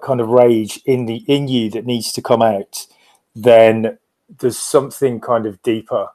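A man chats candidly on a podcast. His stories come out in animated bursts full of quick restarts. He sounds open and direct. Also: mid-range voice. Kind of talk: casual chat.

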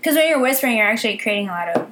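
Woman co-hosting a podcast, a bit high, teasing, faint noise behind. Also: lively intonation, roomy sound. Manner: teasing, quick interjections. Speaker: podcast co-host. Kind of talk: casual chat.

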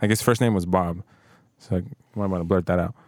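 A man's voice: low-pitched, steady tone, quick pace, no room sound, clean studio sound. A man co-hosting a podcast, telling a story in a laid-back, profane way. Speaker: podcast co-host. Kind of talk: casual storytelling.

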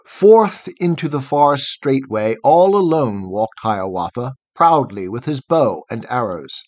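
A man's voice: medium pitch, big pitch swings, a little slow, a little mellow, no room sound. A man reading a long poem aloud in a rhythmic, chanting cadence. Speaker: reader. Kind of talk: poetry reading.

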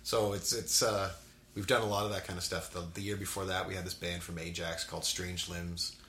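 A man in a band, chatting casually and telling animated stories with frequent laughs. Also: low voice, a little fast, reverberant, slight background noise. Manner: animated storyteller, laughs often. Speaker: band member. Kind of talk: casual chat.

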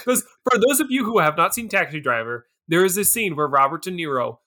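A man's voice: on the high side, very animated, a little fast, pushed and bright. A man in his twenties co-hosting a podcast, ranting in exasperation about a film, swearing and laughing as he talks. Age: 20s. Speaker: podcast co-host reviewing a film. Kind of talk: casual chat.

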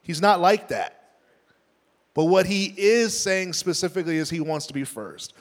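A man's voice: sits high, normal speed, big-room sound. A male pastor preaching a sermon, with an earnest, explanatory manner that repeats key points.

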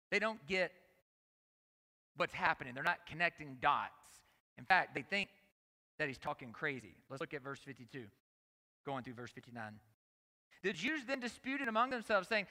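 A man delivers a lively sermon from a stage microphone, his voice high, bright and full of swings in pitch. He presses his points by repeating words and calling on the listeners directly, with a long reverb from a large hall around him. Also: brisk. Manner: emphatic, repeats phrases, talks to the audience directly. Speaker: conference speaker. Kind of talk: energetic sermon.

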